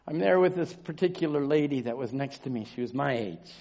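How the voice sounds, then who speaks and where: A man telling a personal testimony in a sermon, moving from quiet storytelling to shouted preaching. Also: medium pitch, lively intonation, a little fast. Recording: dull lo-fi recording.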